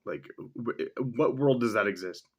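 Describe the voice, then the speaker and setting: A man casually reacting to a text he reads, rambling and sarcastic, swearing freely and filling pauses with ums and likes. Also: lowish voice, animated, breathy edge. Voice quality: mustache-wearing man chuckling between remarks. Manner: profane, sarcastic, thinks aloud with many fillers. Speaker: vlogger reading and reacting to a text.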